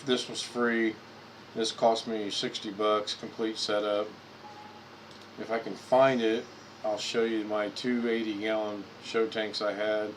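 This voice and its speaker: On his own live stream, a man with a slightly low voice chats casually, rambling and repeating himself as he clicks through photos at his computer. His delivery is flat and a little slow. The low-quality recording carries a faint background hum.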